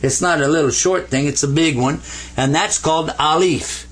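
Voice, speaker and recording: A man's voice: fairly high pitch, normal speed, a bit bright. A man teaching an Arabic lesson in a folksy, playful way, drawing letters as he explains them and drawing out the sounds he drills. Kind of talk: whiteboard language lesson.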